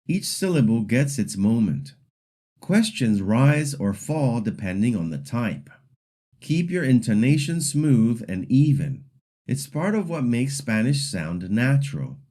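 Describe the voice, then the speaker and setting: A man narrating a scripted pronunciation lesson as the teacher, deliberately modeling example sentences for learners to repeat. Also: mid-range voice, very animated, mellow. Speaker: language teacher.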